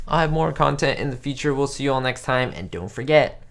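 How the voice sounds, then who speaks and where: A man's voice: medium pitch, animated, fairly quick, creaky, fairly bright tone. Giddy man hosting a live reaction stream. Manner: giddy, laughs often, exclamatory; chats directly to viewers. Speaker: channel host.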